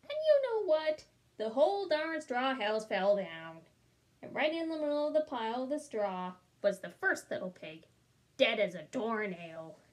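A woman reading a storybook aloud as a smooth-talking male wolf, chatty and wry in tone. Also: a little high, very animated, unhurried. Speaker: storybook reader. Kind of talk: children's read-aloud.

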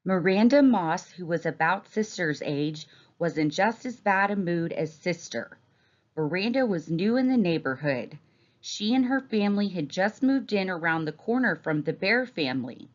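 A teacher reading a storybook aloud in a gentle, expressive manner. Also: female voice, fairly low pitch, moderate pace, lo-fi sound.

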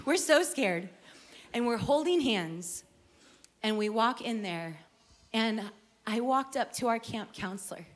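A middle-aged woman, a singer, sharing her personal testimony as heartfelt storytelling, acting out her younger self. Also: fairly high pitch.

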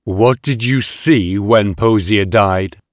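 A man voicing a calm, polite android scientist. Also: on the low side, takes it slowly, no echo, clean studio sound. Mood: gentle.

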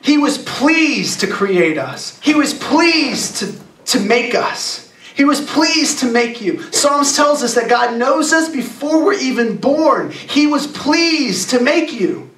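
A young adult man giving a youth sermon, talking casually and emphatically and slowing down to read scripture. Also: very high-pitched, animated, fairly bright tone. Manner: emphatic, conversational preaching with slowed scripture reading. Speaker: youth pastor. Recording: echoey room, distant mic.

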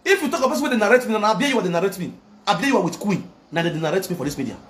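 A man with a Nigerian Pidgin English accent, talking loudly and repeating himself in a casual live video rant from his phone. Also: high voice, expressive, very fast. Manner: loud, emphatic, repetitive preaching. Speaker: social media commentator.

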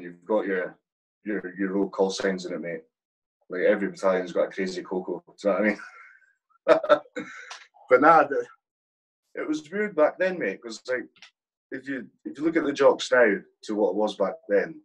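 A man's voice: sits low, slightly rough, low-quality recording. A man guesting on a podcast, telling army stories in a rambling, swear-filled way, calling the host "mate" constantly. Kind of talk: casual storytelling.

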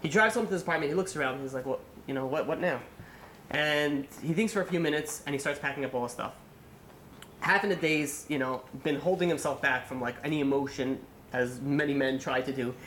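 Fast-talking rabbi telling a story. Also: male voice, on the high side, reverberant, a little hiss or hum. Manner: animated, acts out quotes, many fillers. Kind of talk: sermon storytelling.

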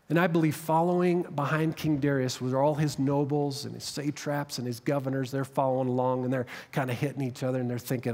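A man preaching a sermon, telling the story dramatically and dropping to hushed tones at tense moments. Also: mid-range voice, fairly even intonation, fairly quick, hardly any pauses. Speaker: pastor. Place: church sanctuary. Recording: long reverb of a church hall.

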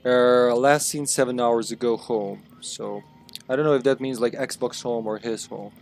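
A man's voice: medium pitch, steady tone, a little slow, vocal fry, a little mellow, soft background music. Jokey Welsh man streaming games. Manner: laughs a lot, swears, jokey. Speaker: co-op gaming streamer. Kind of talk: casual gaming banter.

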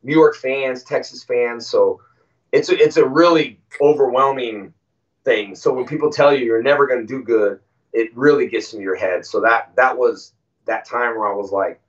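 A man as an interview guest, telling stories casually and acting out quoted lines with animated voices. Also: medium pitch, moderate pace. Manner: animated, acts out quoted dialogue. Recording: distant, muffled audio.

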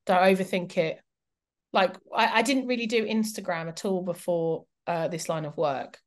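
A woman appears as a guest historian and documentary presenter in a casual interview chat, speaking at a moderate pace in a fairly low voice. She is candid, animated, and self-mocking, sprinkling her talk with lots of fillers.

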